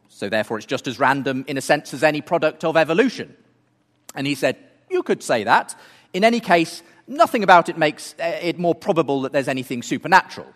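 Man giving an earnest talk in a hall. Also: mid-range voice. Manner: earnest, rhetorical questions. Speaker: speaker. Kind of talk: apologetics talk.

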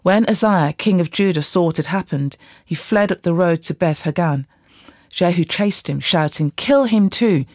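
Bible reader, scripture reading, steady delivery, mid-range voice, dry close recording. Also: mid-range voice, moderate pace, no echo.

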